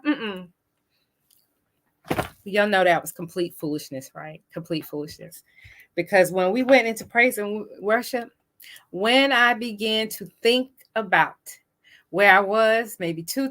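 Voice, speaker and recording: A woman's voice: medium pitch, fairly bright tone. A woman hosting an inspirational talk show, who reads passages aloud and comments on them. She speaks to viewers in an earnest, encouraging, preacher-like way. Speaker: host.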